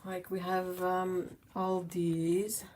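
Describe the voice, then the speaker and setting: A woman's voice: on the low side, completely flat delivery, drawn-out words, darkish tone, a little hiss or hum. A woman whose first language is French, hosting a livestream in a rambling, playful chat, often giggling and poking fun at herself. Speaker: livestream host. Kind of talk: casual chat while painting.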